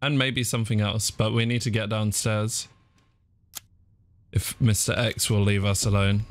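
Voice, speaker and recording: A young man commentating his own horror game playthrough, talking through every move and breaking into shrill panicked yelps when startled. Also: level tone, a little slow. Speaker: gaming streamer. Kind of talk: let's play commentary. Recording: game sounds and clicks behind the voice.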